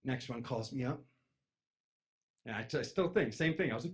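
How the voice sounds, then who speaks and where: A young man telling a personal story to an audience, acting out the voices of his friends and jumping from loud, high outbursts down to low mutters. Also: normal speed. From East Coast of the United States. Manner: lively, acts out friends' voices, jumps loud and high then drops to a mutter.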